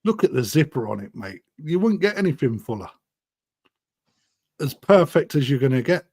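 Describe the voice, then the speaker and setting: A man's voice: medium pitch, big pitch swings, moderate pace, darkish tone, breathy edge, dry recording. A man hosting a live online auction, chatting with bidders in a casual, matey way. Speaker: koi auctioneer.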